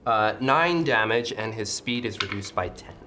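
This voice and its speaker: A man playing a tabletop game, calmly describing what his character does. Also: on the low side, moderate pace, very noisy. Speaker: player. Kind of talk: casual tabletop game play.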